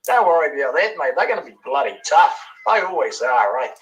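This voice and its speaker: Older NZ man, 60s, bright forceful voice, slightly high, chatty, rambling, leans on "eh?". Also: sing-song, a little fast, low-quality recording. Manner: chatty, peppers every line with "bloody" and "eh?". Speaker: caller sending a voice message. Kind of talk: rambling rugby opinion message.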